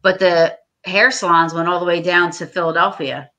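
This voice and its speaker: A woman's voice: lowish voice, little pitch movement, normal speed, pushed and bright, rough recording. A woman hosting a casual livestream chat, rambling and chatty with frequent laughter. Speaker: podcast host.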